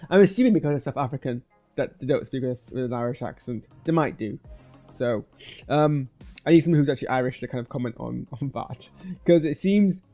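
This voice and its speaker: A video creator talks through a film in a casual, rambling review, hesitating and restarting often. His voice is medium-pitched and dark, and the streaming webcam recording sounds muffled.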